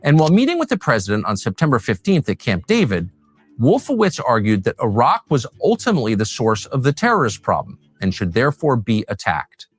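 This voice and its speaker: Animated male narrator with a pitch that moves freely, reading a scripted documentary over a faint bed of music. His delivery is measured and pointed, landing each claim firmly. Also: slightly rough.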